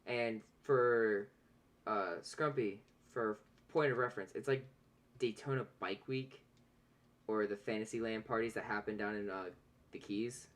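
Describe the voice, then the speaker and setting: A man's voice: on the low side, measured pace. A man playing in a tabletop role-play session who talks casually with a lot of fillers and restarts. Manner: rambling, with many fillers and restarts. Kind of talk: casual in-character play over voice chat.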